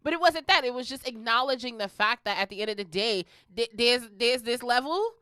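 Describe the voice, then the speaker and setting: A woman's voice: a little high, animated, fairly quick, pushed and bright, smooth, dry recording, clean studio sound. A woman co-hosting a podcast in casual chat, blunt and emphatic, swearing freely. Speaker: podcast co-host.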